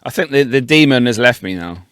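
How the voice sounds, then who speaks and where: Lively laughing dad. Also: male voice, medium pitch, brisk, clean tone, dry recording, clean studio sound. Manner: laughing, crude, animated. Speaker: podcast co-host. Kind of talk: casual banter.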